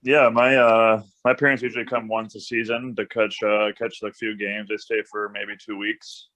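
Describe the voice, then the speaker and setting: A man's voice: fairly low pitch, flat delivery, normal speed, fairly bright tone. A young American man, a hockey player, chatting easily as a guest with plenty of ums and uhs. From United States. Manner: easygoing, many ums and uhs. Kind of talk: casual interview chat. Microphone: video call. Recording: dull lo-fi video call audio.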